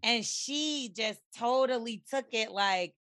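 A woman's voice: on the high side, takes it slowly, fairly bright tone, no echo, clean studio sound. A woman co-hosting a podcast in casual chat, blunt and profane, acting out quoted conversations with animation. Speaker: podcast co-host.

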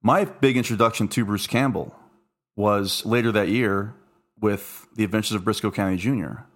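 Easygoing, low-voiced podcast host. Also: male voice, fairly even intonation, moderate pace, fairly bright tone. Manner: easygoing, teasing, steers the talk. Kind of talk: casual podcast chat.

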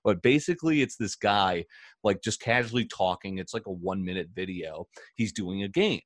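Low-voiced guy rambling thru a story on his podcast, dry close sound. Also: moderate pace, dry recording. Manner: rambling, animated, laughs while telling stories. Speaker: podcast host. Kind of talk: casual storytelling chat.

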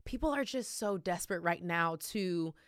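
A woman with a Texan accent hosting a faith podcast, talking in a loud, energetic and emotional way. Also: on the low side, normal speed, no room sound, studio quality. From Texas. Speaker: podcast host. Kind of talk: casual podcast chat.

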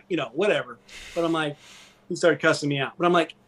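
A middle-aged man and former pastor talking candidly as a podcast guest, earnest and animated, often checking in with "right?". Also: a little high, quick pace, slightly rough. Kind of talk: candid conversational interview.

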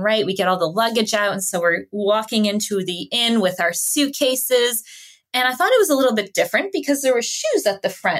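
A woman from Canada, a podcast guest telling lively travel stories and laughing along the way. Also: fairly high pitch. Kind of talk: casual interview storytelling.

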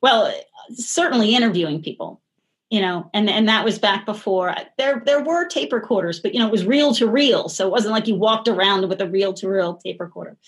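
A woman's voice: mid-range voice, a little fast. A middle-aged woman as an interview guest, talking in a rambling, chatty way with many restarts and light laughter. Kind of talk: casual interview conversation.

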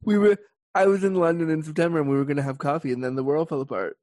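A Canadian woman hosting a podcast, chatting in a lively, rambling way with quick tangents. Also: low-pitched, dry recording. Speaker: podcast host. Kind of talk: casual interview chat.

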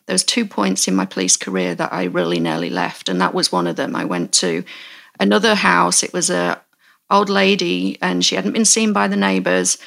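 A woman in her forties hosting a podcast, telling a story in a candid, halting way and often restarting her sentences. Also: on the low side, very animated, vocal fry, a bit bright. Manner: candid, halting, self-correcting. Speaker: podcast host. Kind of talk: storytelling in casual chat.

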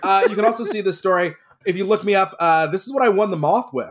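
A man from Texas, a drama teacher, telling stories in casual comedic chat, animated and laughing as he goes. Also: sits high, fast. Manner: animated, laughs through his own stories. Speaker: drama teacher and podcast regular.

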